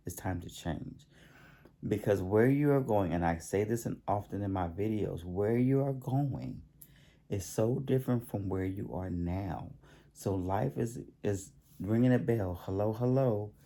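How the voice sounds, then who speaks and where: Low gravelly man giving a healing talk. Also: dark tone. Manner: halting, repeats himself, pauses to yawn. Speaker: self-help channel host. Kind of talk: spiritual healing talk to camera.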